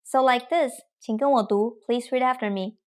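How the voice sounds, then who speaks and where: A woman teaching tones in a patient, clear lesson style. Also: on the high side, moderate pace. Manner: patient, drills tones with long sung vowels. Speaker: Mandarin teacher. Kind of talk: clear, slow pronunciation lesson.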